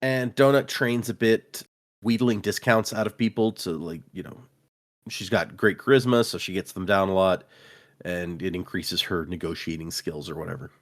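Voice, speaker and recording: A man's voice: low-pitched, moderate pace. Casual man retelling a story. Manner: animated retelling, acts out quotes, frequent laughs. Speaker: podcast co-host recapping a book. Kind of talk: casual chat.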